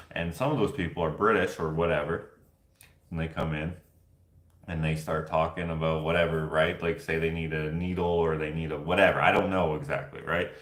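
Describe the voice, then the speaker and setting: Man, vlogger, very low voice, echoey room, rambling, jokey. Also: a bit bright. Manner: rambling, jokey, laughs easily. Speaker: vlogger answering viewer questions. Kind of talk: casual chat.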